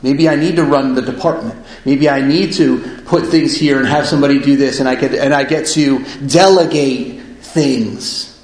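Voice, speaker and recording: A man's voice: medium pitch, fairly even intonation, moderate pace, few pauses, a little mellow. A man reads passages from a book aloud and explains them in a casual way. He keeps checking in with his listeners by asking "right?". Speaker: discussion leader reading from a recovery book. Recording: echoey room.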